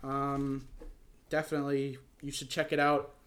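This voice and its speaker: A man's voice: medium pitch, monotone, measured pace, fairly bright tone, smooth. A man hosting a casual movie review chat, talking in an enthusiastic, rambling way with many fillers and restarts. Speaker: podcast host.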